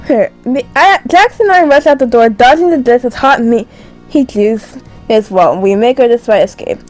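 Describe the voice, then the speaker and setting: High, swooping young woman gamer, faint music. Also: animated, moderate pace, darkish tone, rough recording. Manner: dramatic, shrieking reactions, stumbling over words. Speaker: gamer reading a dating sim aloud. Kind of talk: reading game text aloud with reactions.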